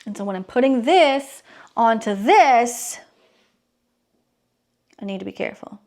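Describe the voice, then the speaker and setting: A woman speaks in a casual vlog, her voice pitched a little high and her delivery unhurried. She gushes with excitement and lets out nervous little exclamations as she goes. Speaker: vlogger. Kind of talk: casual unboxing vlog talk.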